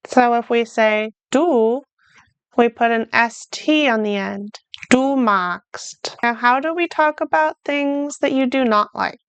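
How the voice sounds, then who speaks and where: A woman teaching a beginner language lesson, modeling short phrases slowly and then explaining them in plain words. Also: fairly high pitch, clean tone, no room sound. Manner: speaks slowly and carefully, models German phrases then translates. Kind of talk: slow, clear beginner lesson.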